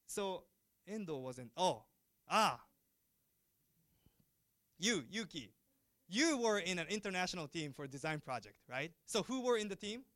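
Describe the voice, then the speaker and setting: Lecturer, man, high voice, dry close sound, chatty. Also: no room sound. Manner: chatty, lively, asks the class questions. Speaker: university lecturer. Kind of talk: classroom lecture switching between Japanese and English.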